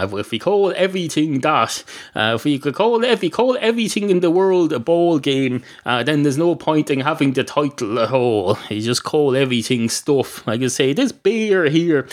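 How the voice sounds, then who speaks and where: An Irish man hosting a comedy podcast, talking in a rambling, digressive monologue with some swearing. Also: on the high side. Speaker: podcast host.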